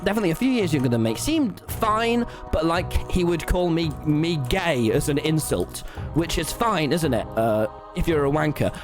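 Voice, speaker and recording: A young man telling a story on a live stream, animated, swearing often and laughing. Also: fairly high pitch, normal speed, over music.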